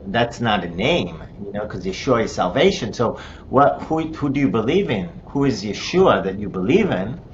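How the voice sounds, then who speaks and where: A middle-aged man from Israel with an Israeli accent and Hebrew as his first language, telling his personal story in a conversational way, with many restarts and fillers. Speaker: interview guest. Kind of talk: personal testimony. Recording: slightly dull with faint rumble.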